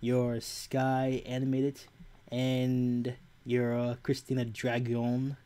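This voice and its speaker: A man's voice: mid-range voice, completely flat delivery, slow pace, dark tone, clean tone. A young man in casual chat, jokey and dramatic, with mock gasps of disbelief. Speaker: co-host chatting.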